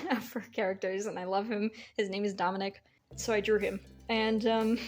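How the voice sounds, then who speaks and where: A young woman casually talking through her sketchbook as an artist vlogger, chatty and giggly, rambling with lots of fillers. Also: mid-range voice. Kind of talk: casual sketchbook tour narration.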